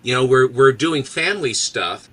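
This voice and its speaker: A man in casual chat, telling a long family anecdote in a halting, rambling way. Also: mid-range voice, expressive, a bit bright, breathy edge, low-quality recording. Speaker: co-host.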